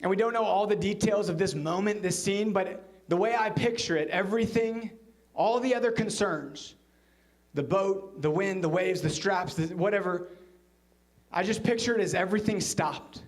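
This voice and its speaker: Higher-voiced man preaching a sermon. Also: normal speed. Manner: storytelling, acts out quoted lines in a hushed low voice. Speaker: pastor. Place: church.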